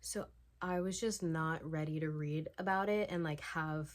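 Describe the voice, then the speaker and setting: A young woman in her twenties chatting casually in a reading vlog, emotional, often dropping into a hushed whisper. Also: low-pitched, measured pace. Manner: emotional, swings between hushed whispers and excited outbursts. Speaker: book vlogger.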